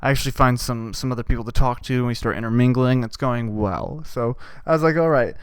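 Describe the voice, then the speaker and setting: A man's voice: medium pitch, fast talker, clear, resonant tone, no room sound. A young man hosting a podcast, riffing profanely in a rambling comedic monologue and putting on voices for the people he quotes. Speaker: podcast host.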